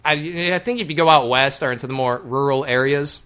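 A man's voice: mid-range voice, a little fast, a bit bright, smooth. Chatty man hosting a casual show. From Texas, Houston area. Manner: chatty, asks playful questions. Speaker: podcast host. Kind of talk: casual chat.

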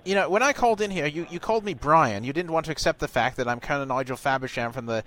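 A man's voice: fairly high pitch, lively intonation, very fast, fairly bright tone. A man playing a pompous retired British colonel who stammers and gets indignant when doubted. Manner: stammering, indignant, easily flustered. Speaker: prank caller posing as a reporter.

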